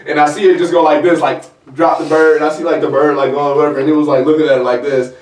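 A man's voice: a little high, quick pace, a little hiss or hum. A man hosting a comedy talk show, telling stories casually and acting out the voices of the people in them. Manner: animated, acts out the voices in his stories, laughs. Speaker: comedian host. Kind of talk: casual storytelling chat. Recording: roomy sound from a distant mic.

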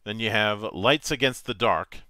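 Bright, clear-voiced man reading game rules. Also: on the low side, dry recording. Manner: measured, matter-of-fact reading with small stumbles. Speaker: game master.

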